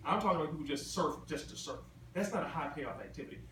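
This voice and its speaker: Racing along in an animated, fairly bright voice on the high side, this motivational speaker is emphatic and repetitive, firing questions at the crowd. The large convention hall sounds echoey, recorded from far off amid ambient noise.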